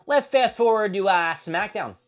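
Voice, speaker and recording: A man's voice: high-pitched, normal speed, soft background music. Profane man recapping wrestling. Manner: profane, animated storytelling. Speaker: host.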